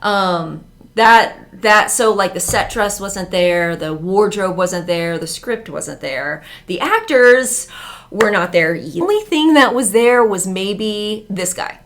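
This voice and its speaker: A woman reviews a movie in a relaxed vlog, talking off the cuff. She keeps dropping fillers as she goes, with a voice at an ordinary middle pitch. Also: slow pace. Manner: chatty, full of "like" fillers.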